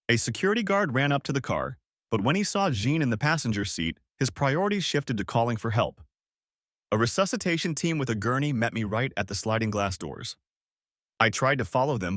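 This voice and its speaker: A man narrating an audiobook story with an expressive, dramatic reading. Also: medium pitch, dry recording, clean studio sound.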